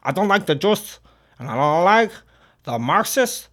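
A man's voice: fairly high pitch, slow. A man voicing an angry male dictator in a mock gangster-movie drawl. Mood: mock menace. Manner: mock tough-guy drawl.

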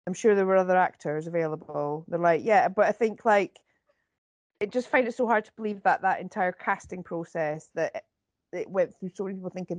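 A woman's voice: on the low side, brisk, a little mellow, dry recording. A Scottish woman co-hosting a podcast in casual chat, giving blunt, exasperated opinions. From Scotland. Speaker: podcast co-host.

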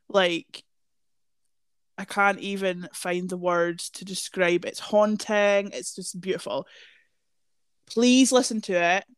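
A woman's voice: lowish voice, clear, resonant tone, no echo. Ranting, sweary young woman. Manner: sweary, gushing, ranting in long run-on lists. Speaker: podcast host. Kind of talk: casual chat.

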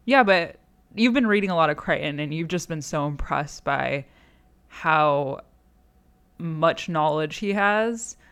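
A playful co-host jokes through a casual podcast chat and laughs easily. The voice is smooth and clean and sits at a middling pitch. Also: animated, unhurried, fairly bright tone.

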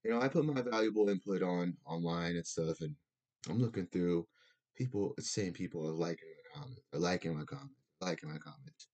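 A man's voice: deep voice, brisk, darkish tone, lo-fi sound. A young adult man hosting a podcast, ranting in casual chat with lots of swearing and restarts. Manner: profane, rambling, lots of restarts. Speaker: podcast host.

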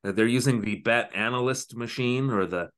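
A man's voice: medium pitch, normal speed, fairly bright tone. Rambling man recapping a show. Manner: rambling, filler-heavy retelling. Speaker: podcast co-host. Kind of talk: casual chat recapping a TV episode.

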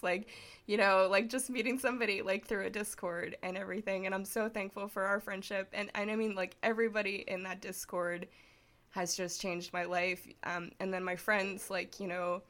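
A woman's voice: medium pitch, fairly bright tone. A woman guest on a podcast, crying as she talks through heartfelt thanks in casual chat over a remote call. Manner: emotional, tearful and heartfelt, with laughs. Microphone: remote call mic.

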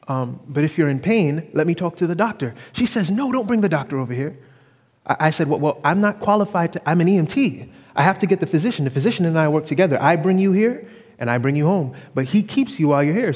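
A man preaching a sermon from the pulpit, drawing out phrases for emphasis and calling for responses from the congregation. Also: on the high side. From New York. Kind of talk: sermon with storytelling. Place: church sanctuary. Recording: long reverb of a church hall.

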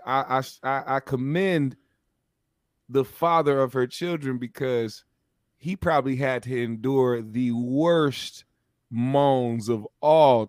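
A man's voice: medium pitch, dry recording, studio quality. A man co-hosting a casual podcast, throwing in joking, profane remarks. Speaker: podcast co-host.

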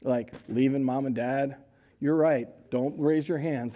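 A man preaching to his church, telling the story with animated energy. His voice sits high and leaps up and down in pitch. He asks the congregation questions and acts out the people in the story. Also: measured pace. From United States. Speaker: pastor. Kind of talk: sermon. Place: church sanctuary.

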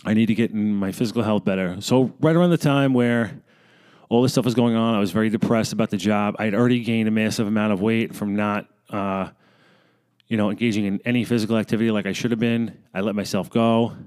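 A man's voice: fairly low pitch, steady tone, fast talker, a little mellow, smooth. A man in his thirties, a fitness coach, talking bluntly and profanely in a rambling casual monologue.

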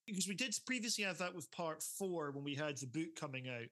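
A man co-hosts a horror film podcast in easy, casual chat. His voice sits high and swings widely in pitch, with a bright edge, and he laughs often as he talks. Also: brisk. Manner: animated, laughing often, mimics characters in quotes. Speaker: podcast co-host.

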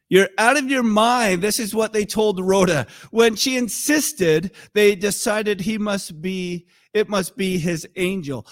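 An American man preaching a sermon as pastor, telling the story with animated acted-out quotes. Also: high voice, slow, no echo, clean studio sound.

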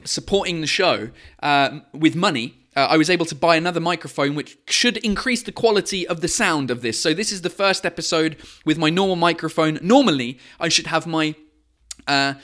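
A man's voice: on the high side, moderate pace, fairly bright tone. A man, a comedian, hosting his live-streamed podcast in casual chat, swearing freely, dropping into French, with plenty of filler sounds. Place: home in lockdown. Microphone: podcast microphone.

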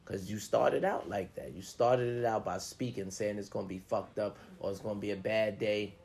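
A man's voice: lowish voice, steady tone, moderate pace, gravelly, a little mellow. Man, casual motivational talk, heavy swearing, acted-out grumbling. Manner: swears freely, acts out grumbling inner voices. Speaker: motivational talker. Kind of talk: casual profane pep talk.

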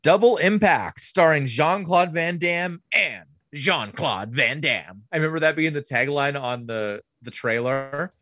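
A man's voice: fairly high pitch, animated, measured pace, hardly any pauses, a bit bright, no room sound. A man co-hosting a podcast, talking casually about movies in a blunt way and swearing a lot. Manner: blunt, swears often, dismissive. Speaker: podcast co-host.

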